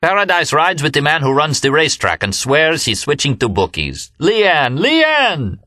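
A man's voice: a little high, lively intonation, fairly quick, pushed and bright, no echo, clean studio sound, pitched above the performer's own voice. A man voicing a boisterous male sailor who exclaims and mocks in a raised voice. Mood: exuberant. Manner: exclaiming, mocking. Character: brash boisterous male sailor, loud joker.

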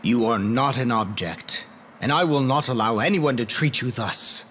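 An actor voicing a devoted young shadow knight in a game, speaking gently, earnestly and formally. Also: male voice, mid-range voice, moderate pace, slight background noise, close to an everyday voice. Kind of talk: game voice acting.

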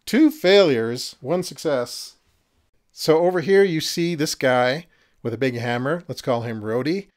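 A man's voice: medium pitch, a little slow. Chatty man running a tabletop game. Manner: chatty, laughs at his own jokes. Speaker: game master. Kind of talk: narrating a tabletop miniatures game.

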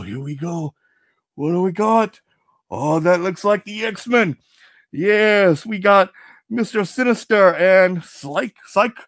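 A man playing Venom, high and lively. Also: no echo, clean studio sound, heavily acted. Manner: goofy, excitable, answers himself with "yes". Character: playful alien symbiote antihero, boastful. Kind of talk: in-character comic unboxing.

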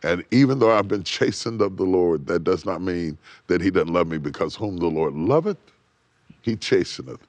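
Lively low-voiced man preaching. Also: normal speed, no echo. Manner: swells up then drops to near whisper, repeats phrases. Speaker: bishop and guest preacher. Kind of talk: preaching on a TV talk show. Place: TV studio set.

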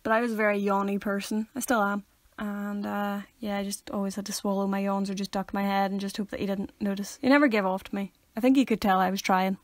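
A woman's voice: mid-range voice, flat delivery, fast talker, few pauses, no room sound. A woman with a Northern Irish accent co-hosting a podcast, chatting casually and giggling through playful banter. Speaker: podcast co-host. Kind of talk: casual chat.

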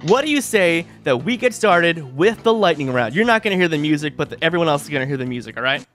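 A man's voice: fairly high pitch, big pitch swings, quick pace, fairly bright tone. A man hosting a live radio show, joking around in a goofy, playful announcer style. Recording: faint music behind.

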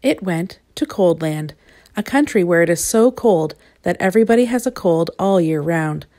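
A woman reads a children's picture book aloud in a fairly low voice. She turns to her young listeners with playful asides and lively expression. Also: moderate pace. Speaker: storybook reader.

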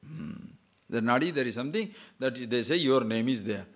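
A man's voice: medium pitch, moderate pace. A man giving a spiritual discourse on scripture, asking rhetorical questions and wandering into stories. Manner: animated, rhetorical questions, digressive storytelling. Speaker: spiritual teacher.

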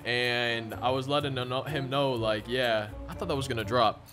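A man's voice: mid-range voice, fairly even intonation, normal speed, a bit bright, faint music behind. A young man casually telling a rambling story while playing a video game, with lots of restarts and fillers. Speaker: gaming storyteller. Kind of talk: casual story time over gameplay.

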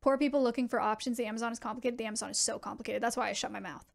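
A young adult woman streaming, chatting casually with her viewers in an animated way, with quick asides. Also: a little high, gravelly.

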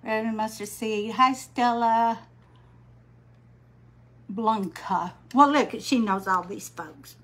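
An older woman, chatting slowly on a craft livestream, greeting viewers by name while she paints. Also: a little high, a bit bright. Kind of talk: casual live-stream chat while painting.

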